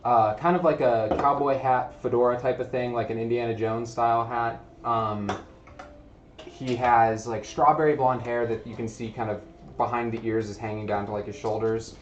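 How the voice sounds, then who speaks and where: A man narrating as game master, describing scenes haltingly with many fillers. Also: medium pitch, fairly even intonation, roomy sound, highs cut off, slight background noise.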